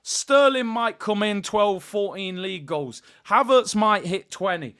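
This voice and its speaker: A man talks live to his stream viewers. He rants in an animated, exasperated way and keeps calling out to the chat. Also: high voice, unhurried, clean tone. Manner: animated, exasperated rant addressing viewers as people. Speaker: football channel host.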